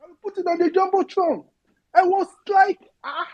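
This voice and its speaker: A woman's voice: very high-pitched, fairly even intonation, normal speed, muffled recording. A woman with a Nigerian accent who mixes in Yoruba, making an impassioned, near-tearful political appeal, pleading and swearing. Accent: Nigerian, mixing in Yoruba. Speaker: audio-room participant.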